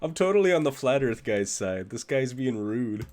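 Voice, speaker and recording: A man's voice: mid-range voice, very animated, normal speed, a little mellow. A man streaming a reaction to a video, with casual commentary full of sarcastic asides and frequent laughter.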